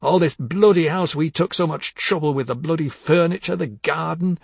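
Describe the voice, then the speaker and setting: Man voicing a bitter, bullying husband, husky, slightly high, for a dramatic audiobook. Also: normal speed, no echo. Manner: bitter, accusing, swings from hushed to harsh. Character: bitter, jealous older husband, bullying and weary.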